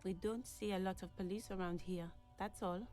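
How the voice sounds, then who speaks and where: A woman's voice: medium pitch, fairly even intonation, normal speed, warm tone, faint music behind, close to an everyday voice. A woman playing a polite local giving directions. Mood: helpful. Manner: polite, matter-of-fact.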